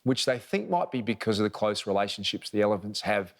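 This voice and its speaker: A man's voice: lowish voice, lively intonation, brisk. A man co-hosting a TV lifestyle show in easygoing, conversational banter. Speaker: TV co-host. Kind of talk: light TV studio banter.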